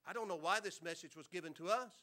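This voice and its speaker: A man's voice: high voice, fast talker, pushed and bright, voice pushed down. A man voicing a humble shepherd in a sermon, speaking plainly and earnestly with a touch of stammering wonder. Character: humble, awestruck male shepherd being interviewed.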